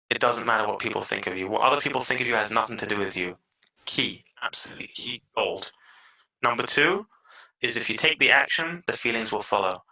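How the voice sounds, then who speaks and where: A man as a podcast guest giving emphatic advice, acting out inner voices with big jumps in pitch. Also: sharp tone, rough recording. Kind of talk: animated interview talk.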